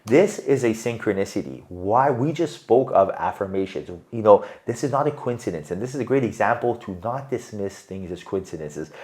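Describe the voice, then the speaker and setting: Animated male tarot reader. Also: fairly low pitch, moderate pace, few pauses. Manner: animated, emphatic, keeps asking "right?". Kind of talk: tarot reading monologue.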